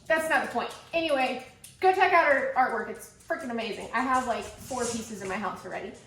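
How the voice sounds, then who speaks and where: A bubbly young woman hosts her cooking vlog from a home kitchen, her high voice bouncing around an echoey room. She rambles excitably and chats casually with her guest. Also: a little fast. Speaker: cooking channel host.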